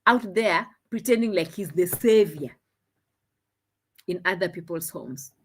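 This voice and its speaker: Woman commentator, unhurried, animated pitch, scolding and rhetorical. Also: breathy edge. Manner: scolding, rhetorical questions, dramatic repeats. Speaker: commentary vlogger. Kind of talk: opinionated commentary.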